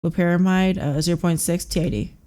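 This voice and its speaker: A woman live-streaming a study session, reading out terse drug facts in a halting mutter full of fillers. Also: lowish voice, fairly even intonation, dark tone.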